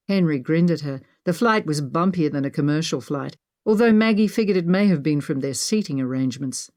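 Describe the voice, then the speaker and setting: A woman reading an audiobook in an even, measured narration style. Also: low-pitched. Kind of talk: scripted narration.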